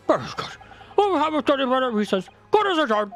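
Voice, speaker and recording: Man voicing a pompous elderly judge in a game read-along, wildly swooping pitch, soft music underneath. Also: very animated, fast, full character voice. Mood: stately. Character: pompous old male British court judge.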